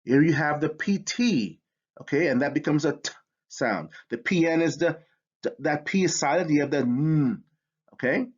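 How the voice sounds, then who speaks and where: A man's voice: fairly high pitch, normal speed, breathy edge, highs cut off. A man teaching a spelling lesson, explaining with enthusiasm. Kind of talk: educational lesson.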